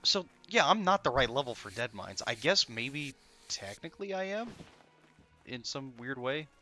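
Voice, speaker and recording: With a fairly low, gravelly voice that sounds bright and forceful, a sleepy gamer streams live and rambles casually. He laughs at himself and swears freely over game music.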